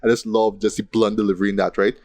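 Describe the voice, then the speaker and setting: A man's voice: fairly low pitch, level tone, fast talker, darkish tone, dry recording. A man co-hosting a casual film review podcast, rambling and tagging sentences with "right?". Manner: rambling, repeats "right?" often. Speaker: podcast co-host.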